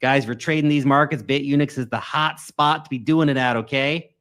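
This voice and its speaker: A man hosting a crypto livestream, talking in a casual, slangy, energetic way and greeting viewers. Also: medium pitch, fairly quick. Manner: energetic, slangy, chatty, swings loud and soft. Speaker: crypto YouTube host.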